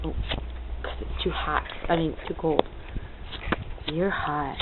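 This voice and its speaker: A woman's voice: deep voice, little pitch movement, normal speed, narrow, tinny audio, heavy background noise. A teenage girl chatting to a webcam at home, hyper and giggly, rambling and breaking into silly noises. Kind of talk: casual chat to camera.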